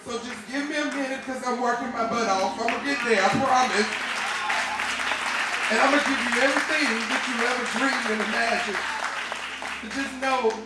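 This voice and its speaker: A woman's voice: a little high, heavy background noise. Choked-up woman singer on a club stage. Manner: heartfelt, halting, speaks straight to the crowd. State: choked up with emotion. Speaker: singer and bandleader. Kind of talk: stage talk at a live concert. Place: bar stage with a live audience. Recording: echoey live club recording from far off, loud band and crowd.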